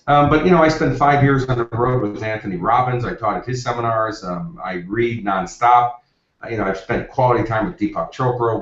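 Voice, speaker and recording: A man, a success coach, telling anecdotes in an interview with energy and acting out the quotes. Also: mid-range voice. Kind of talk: interview storytelling. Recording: roomy, distant, dull lo-fi.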